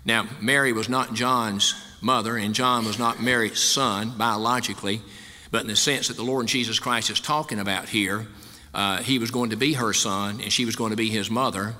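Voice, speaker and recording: Pastor, male, conversational sermon delivery, bright forceful tone, reverberant church hall. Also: on the low side, steady tone, moderate pace. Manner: folksy, conversational preaching.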